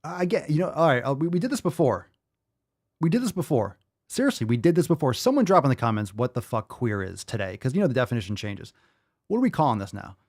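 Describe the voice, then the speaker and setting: An exasperated male podcast host in his thirties rants casually, cursing freely and circling back over his points. His voice sits at an ordinary middle pitch, and the recording is dry and close. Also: big pitch swings, quick pace, a little mellow, dry recording. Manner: profane, exasperated, repetitive. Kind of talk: casual ranting commentary.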